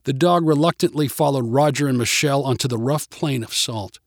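A man narrating a storybook in an expressive, even-paced way. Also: medium pitch, fairly quick, dry recording, clean studio sound. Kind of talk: storybook reading.

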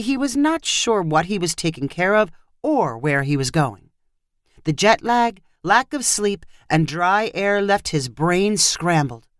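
A woman reads a short story aloud, her pitch lively and rising and falling across each sentence. The sound is dry and close, with no room around her voice. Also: no echo. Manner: expressive storytelling. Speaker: narrator. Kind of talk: audio fiction narration.

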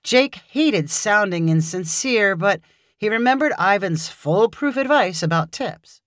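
A woman narrating a short story in a measured, expressive reading voice. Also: medium pitch, no echo, clean studio sound.

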